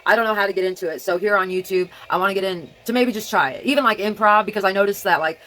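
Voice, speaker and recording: A woman's voice: medium pitch, very fast, fairly bright tone, rough recording. A woman with a childlike way of speaking, talking at home in a rambling casual vlog monologue that jumps between topics. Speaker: vlogger.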